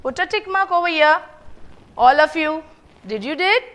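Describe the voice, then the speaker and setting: A woman's voice: extremely high pitch, animated, moderate pace, a bit bright. A middle-aged woman with an Indian English accent teaching a kindergarten class, coaxing the children and answering her own questions in a sing-song way. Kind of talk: online class lesson for young children.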